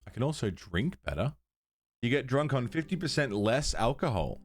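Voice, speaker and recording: A man with a medium-pitched, sing-song voice streams a game live at a normal pace, chatting casually with viewers and fussing at his cat as he plays.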